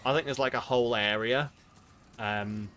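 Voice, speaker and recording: A man's voice: medium pitch, fairly even intonation, normal speed, a bit bright, a little hiss or hum. A British man streaming a game, muttering to himself, swearing and sounding exasperated. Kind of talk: casual gaming commentary.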